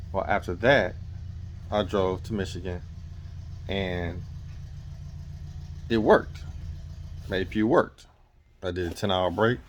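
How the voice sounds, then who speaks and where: A man's voice: sits low, a little hiss or hum. A man, a truck driver, telling a rambling story in a casual vlog and often correcting himself as he goes. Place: in or near his truck.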